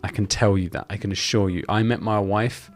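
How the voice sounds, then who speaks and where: A man's voice: on the low side, steady tone, a little fast, soft background music. A man in his thirties, a Christian video host, giving earnest commentary to his viewers and reading aloud from scripture. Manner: earnest, persuasive. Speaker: Christian YouTuber.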